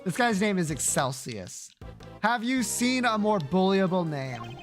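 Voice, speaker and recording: A man streaming a game and chatting casually with his viewers, joking between lines. His voice sits high. Faint music plays underneath. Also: sing-song, measured pace. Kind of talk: casual game commentary and reading dialogue aloud.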